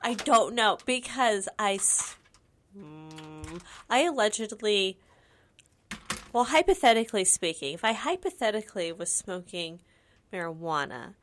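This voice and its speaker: A woman's voice: medium pitch, unhurried, fairly bright tone. Rambling, giggly young woman chatting. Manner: rambling, filler-heavy, giggly. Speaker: podcast co-host. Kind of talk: casual chat.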